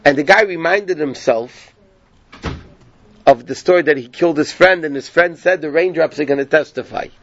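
A man's voice: on the high side, moderate pace, fairly bright tone, muffled recording, slight background noise. A man teaching a Torah class, retelling a rabbinic story in a conversational way and checking in with his listeners. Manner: conversational, asks "yeah?" of listeners.

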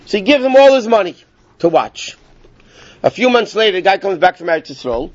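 A man's voice: high voice, very animated, fairly quick, no room sound. A man teaching a class through casual, rambling stories, often breaking off mid-sentence. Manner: casual, rambling, self-interrupting. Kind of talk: informal storytelling lesson. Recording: dull lo-fi dry recording.

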